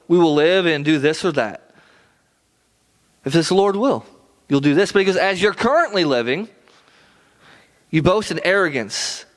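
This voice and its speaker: A man preaching a sermon in a conversational way, often stumbling over and repeating words. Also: a little high. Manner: conversational preaching with frequent stammered restarts. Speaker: pastor.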